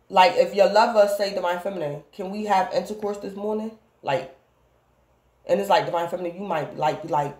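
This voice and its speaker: A woman's voice: lowish voice, darkish tone, roomy sound. A woman giving a casual tarot reading, rambling and repeatedly calling out to her viewers by the same phrase. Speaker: tarot reader.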